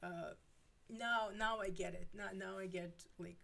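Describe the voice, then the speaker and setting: A woman's voice: medium pitch, steady tone, unhurried, creaky, a bit bright. A woman in her forties chatting casually with her viewers, rambling with many fillers and restarts. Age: 40s. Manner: rambling, lots of filler words and self-interruptions. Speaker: streamer.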